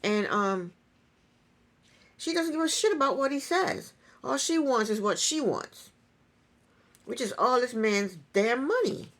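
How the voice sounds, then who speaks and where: A woman's voice: on the high side, expressive, a little slow, pauses often. A woman giving a casual reality TV recap in an opinionated, sarcastic way, with chuckling asides.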